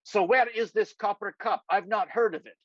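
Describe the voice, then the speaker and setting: A man voicing a dry-witted older politician, gruff and sardonic. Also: high voice, moderate pace, fairly bright tone, dry recording, pitched above the performer's own voice. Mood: wry, teasing. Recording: dry, slightly dull lo-fi sound.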